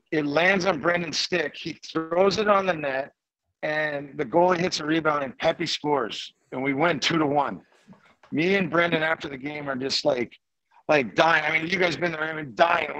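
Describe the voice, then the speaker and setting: A man with a fairly high voice tells a rambling, animated locker-room story, breaking into laughter now and then. The sound is dry and close, with little room around him. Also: no echo, dull audio. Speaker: guest storyteller, former hockey player. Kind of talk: animated anecdote telling.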